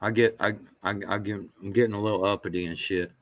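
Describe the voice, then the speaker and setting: A man's voice: on the low side, fairly even intonation, quick pace. A man hosting a show, reacting to clips in rambling, profane casual commentary with many restarts. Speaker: show host.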